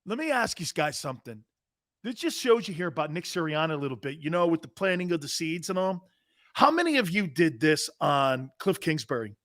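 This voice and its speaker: Middle-aged man, sports talk host, brash, opinionated, lively pitch, dry sound. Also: dry recording. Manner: brash and animated, quick to laugh.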